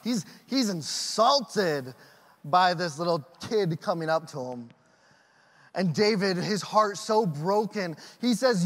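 A man preaching a sermon as a pastor, telling stories with animated acted-out voices. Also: high-pitched, slow, in a large hall. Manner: animated storytelling with acted quotes.

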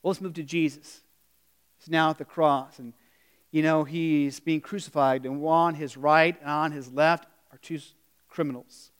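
A man's voice: on the high side, fairly even intonation, normal speed, clean tone. A pastor giving a conversational sermon, retelling stories and asking his congregation questions.

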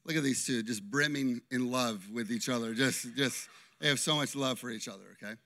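Bright-voiced pastor, animated sermon. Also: male voice, medium pitch, brisk. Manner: animated, constantly checking in with "okay?". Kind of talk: interactive sermon.

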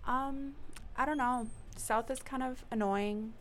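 A teenage girl guest in a casual chat, hesitant and dry, with many pauses. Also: a little high, steady tone, slight background noise. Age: teens.

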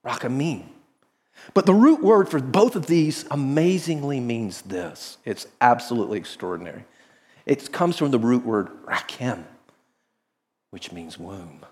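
A man preaching to a large auditorium, telling vivid stories with energy that rises into excited exclamations and then falls to near-whispers. His voice sits at an ordinary middle pitch and rings out with a long reverb tail from the big room. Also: a little slow. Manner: animated storytelling, dropping to hushed tones. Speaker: pastor. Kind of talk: sermon.

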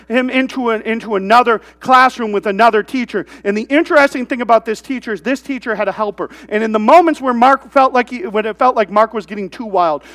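A man with a fairly high voice delivers a relaxed, conversational sermon. He keeps tossing rhetorical questions at the room and tells stories from family life. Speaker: pastor.

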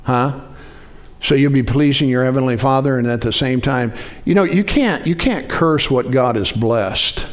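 A man preaching a sermon in a conversational way, often asking the congregation to respond. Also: normal speed. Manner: animated, jumps up in pitch for acted-out quotes. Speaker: pastor.

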